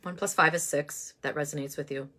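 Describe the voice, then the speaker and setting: A woman giving a casual oracle card reading, musing and halting with many fillers. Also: low voice, steady tone, sharp tone.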